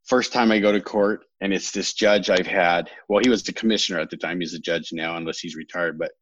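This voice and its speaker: A man's voice: low voice, fairly even intonation, fairly quick, a bit bright, muffled recording, a little hiss or hum. A man in his thirties from California, a podcast guest telling his own story in a candid, rambling way, often correcting himself with a wry humor.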